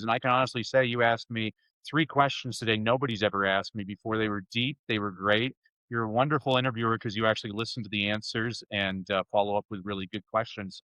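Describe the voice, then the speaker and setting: A man talking on a podcast with a bright, forceful voice, full of enthusiasm and quick jokes. He tells stories with lively energy. The sound is dry and close, with no room echo. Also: medium pitch. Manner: enthusiastic, jokey, animated storytelling. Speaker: guest speaker and author. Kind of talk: energetic conversational interview.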